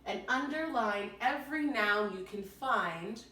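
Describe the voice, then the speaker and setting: A woman's voice: on the high side, animated, unhurried, bright, forceful tone, a little hiss or hum. Upbeat woman teaching from a distant mic. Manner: upbeat, encouraging, step-by-step instructions. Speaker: drama camp teacher. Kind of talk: online video lesson. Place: home apartment. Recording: roomy echo, mic set back from the speaker.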